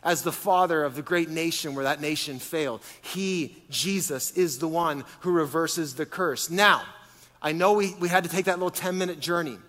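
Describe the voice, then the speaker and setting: High-voiced preacher in a reverberant hall. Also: male voice, normal speed. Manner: animated, with rhetorical questions to the congregation. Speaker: pastor. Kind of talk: sermon.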